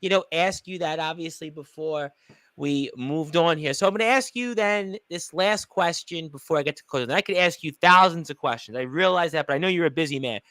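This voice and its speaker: Bright high-voiced radio host, dry sound. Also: male voice, brisk, no echo. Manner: brief reactions, conversational questions. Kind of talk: radio interview.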